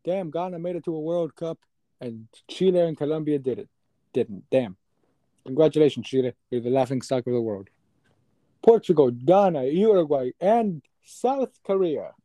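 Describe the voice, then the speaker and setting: A young man with a slightly high but mellow voice chats casually about sports as a podcast co-host. He is joking and playful. The sound is dry and close. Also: expressive, normal speed, dry recording. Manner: joking, playful, laughs often.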